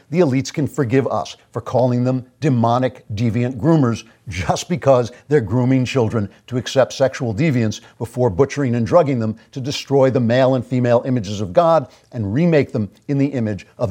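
A man's voice: mid-range voice, expressive, a little fast, few pauses, mellow. A man hosting his own show, delivering a sarcastic, mock-grandiose commentary monologue. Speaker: host.

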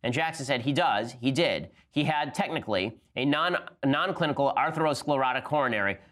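Rapid-fire sardonic male podcast host. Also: medium pitch, expressive, fairly bright tone. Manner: rapid-fire, sardonic, talks in quick bursts. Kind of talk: fast political commentary with a read ad.

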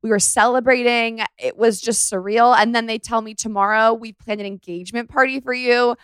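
A woman's voice: fairly high pitch, steady tone, a little fast, clean tone, dry recording, studio quality. A woman hosting a podcast, chatting casually and gushing as she tells a story. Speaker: podcast host. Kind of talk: casual chat.

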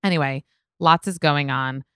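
A woman's voice: low voice, normal speed, fairly bright tone, smooth, dry recording, studio quality. A young woman with an Israeli accent, a native Hebrew speaker, hosting a solo podcast in a casual, swearing, "like"-filled chat. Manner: chatty, swearing, heavy use of "like". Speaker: podcast host.

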